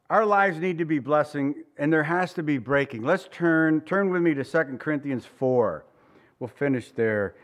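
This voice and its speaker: A middle-aged man preaching a sermon, animated, often dropping to soft asides. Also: a little high. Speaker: pastor.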